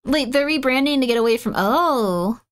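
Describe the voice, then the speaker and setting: A woman streamer chatting casually with her live chat, excitable and mock-outraged, swinging between loud bursts and muttered asides. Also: high-pitched, normal speed.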